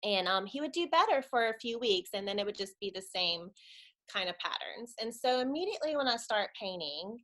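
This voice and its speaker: A woman in her thirties tells a personal faith story to a church audience. Her voice is bright and clear, and she is relaxed and conversational. She laughs easily between her thoughts. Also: medium pitch, a little fast. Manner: chatty storyteller, laughs often. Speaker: church webinar speaker. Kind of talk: personal testimony talk.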